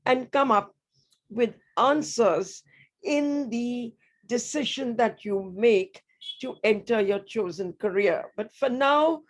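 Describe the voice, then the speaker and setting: Senior woman guest speaker, a bit high-pitched, earnest and measured, formal talk on a video call. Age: older. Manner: measured, earnest, rhetorical questions. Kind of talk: formal address to students.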